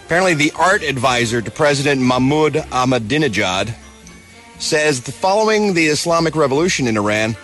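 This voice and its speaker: Man, radio showbiz news, sarcastic, lively pitch, faint music underneath. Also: brisk. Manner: wry, sarcastic asides. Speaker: radio co-host, entertainment news reader. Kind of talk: casual radio news banter.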